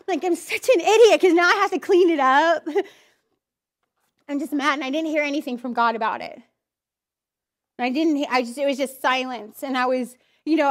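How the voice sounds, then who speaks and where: High-pitched woman, church testimony speaker, candid and emotional storyteller. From Idaho, US. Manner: candid, emotional storytelling with acted inner voices. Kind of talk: personal testimony talk.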